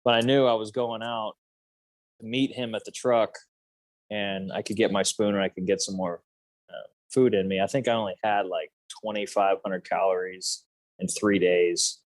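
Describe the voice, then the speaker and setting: A man's voice: lowish voice, fairly even intonation, normal speed, no echo. A man in his thirties telling a story as a podcast guest, loose and rambling, full of fillers. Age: 30s. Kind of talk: casual storytelling.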